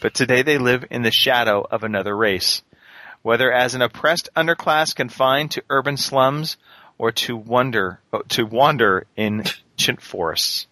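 A man's voice: medium pitch, moderate pace, sharp tone, no room sound. A man hosting a casual podcast gaming quiz in a playful, mock-formal quizmaster manner. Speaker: quiz host.

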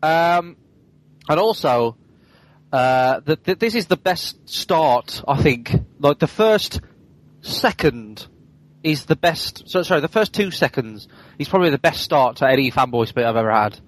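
A man's voice: a little high, animated, unhurried, poor audio. A man co-hosting a casual game podcast, talking chattily with jokey asides. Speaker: podcast co-host.

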